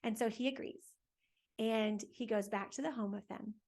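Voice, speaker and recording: A woman hosting a faith lesson for families, telling a Bible story to children in a lively, conversational way and asking her listeners questions as she goes. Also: on the high side, normal speed. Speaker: catechist host for families.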